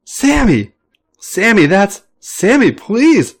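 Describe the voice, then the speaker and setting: A man voicing a bratty, playful young man who talks airily and breaks into high shrieks. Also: wildly swooping pitch, normal speed. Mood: shrieking. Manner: airy, whiny, high-pitched shrieks. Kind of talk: audiobook-style read fiction.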